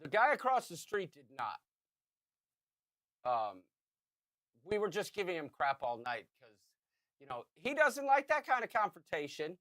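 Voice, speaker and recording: A man in his fifties co-hosting a podcast, telling a story in casual chat and shouting out the lines he quotes. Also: high-pitched, wildly swooping pitch, measured pace, long pauses, no room sound, studio quality. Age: 50s. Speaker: podcast co-host.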